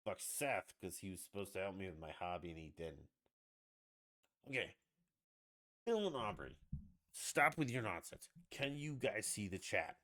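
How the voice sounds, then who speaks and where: A man hosting a podcast livestream, ranting casually with lots of swearing and sudden loud outbursts. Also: low voice, moderate pace, long pauses. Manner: profane, ranting, animated outbursts. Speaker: podcast host.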